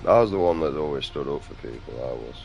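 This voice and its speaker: A man's voice: rumbling low, lively intonation, fast, creaky, a little mellow, highs cut off, faint music behind. A middle-aged man, rambling crudely and outspokenly in a casual vlog monologue. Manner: crude, outspoken, mumbling asides. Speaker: vlogger.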